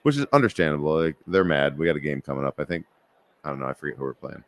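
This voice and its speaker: A man's voice: extremely low pitch, lively intonation, very fast, no echo. A man co-hosting a sports talk show, telling laid-back locker-room stories and laughing as he goes. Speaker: podcast co-host, former football player. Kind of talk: casual storytelling chat.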